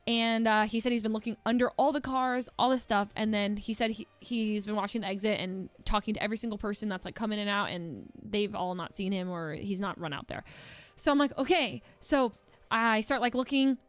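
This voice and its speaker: A woman's voice: medium pitch, a little fast, dry recording. Young woman streamer rambling through a story. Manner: rambling, heavy on "like" fillers, laughing asides. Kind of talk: casual storytelling.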